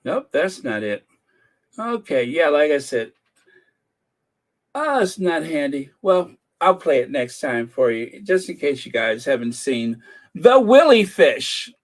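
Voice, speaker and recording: An older man hosting a casual livestream, rambling with jokey asides. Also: on the high side. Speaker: channel host.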